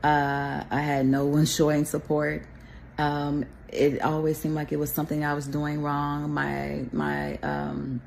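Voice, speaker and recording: A woman's voice: low voice, gravelly, darkish tone, a little hiss or hum. A woman from Texas speaking to a camera, sharing a personal faith testimony in a rambling, conversational way with pious asides.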